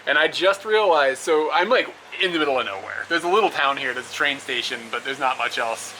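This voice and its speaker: A man's voice: medium pitch, lively intonation, fairly quick, bright, forceful tone, low-quality recording. A young man talking casually to his camera outdoors, rambling with fillers and laughing often. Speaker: travel vlogger. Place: outdoors by roads and rest stops. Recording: outdoor camera audio with clear traffic noise.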